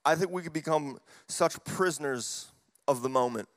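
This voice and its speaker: A man preaching a sermon as pastor, telling family stories and swinging between hushed and loud, animated delivery. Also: on the high side, normal speed, no room sound.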